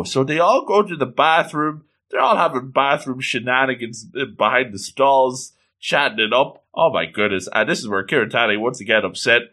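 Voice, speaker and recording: A man's voice: mid-range voice, moderate pace, few pauses, pushed and bright. A man recapping an anime episode in a playful, exclamatory casual commentary.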